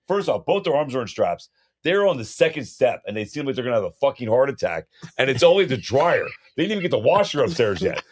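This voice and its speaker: A man's voice: medium pitch, big pitch swings, fast talker, husky. A man co-hosting a podcast, telling a crude story in casual chat and acting out quotes in a raised voice. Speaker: podcast co-host.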